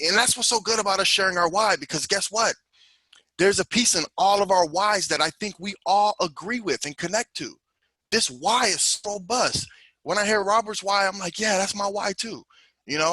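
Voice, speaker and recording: A man's voice: mid-range voice, pushed and bright, dry recording, rough recording. A man hosting an online group call, giving enthusiastic, effusive praise and calling on members to speak. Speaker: call host.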